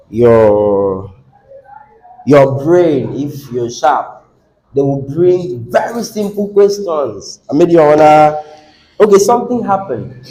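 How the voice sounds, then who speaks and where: A man lectures a classroom at an unhurried pace. His voice sits a little higher than most men's, and he keeps repeating key words and quizzing the students with questions. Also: dark tone, a little hiss or hum, poor audio. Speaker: teacher.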